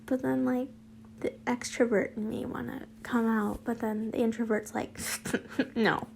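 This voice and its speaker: Unhurried and flat, with vocal fry and a darkish tone, a young fanfiction vlogger reads her story out loud, her voice a little high. She breaks off often for giggly, self-deprecating rambles and whispered asides, over a faint hiss or hum.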